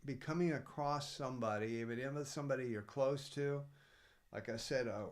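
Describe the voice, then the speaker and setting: Man co-host, earnest and rambling, mid-pitched everyday voice. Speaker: podcast co-host. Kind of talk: casual reflective chat.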